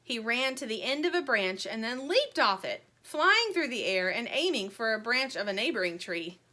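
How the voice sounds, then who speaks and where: A woman reads a children's storybook aloud, expressive and friendly. Her voice is bright and fairly high, rising and falling in lively swings as she tells the story. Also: moderate pace. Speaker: children's book reader. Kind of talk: reading a children's book aloud.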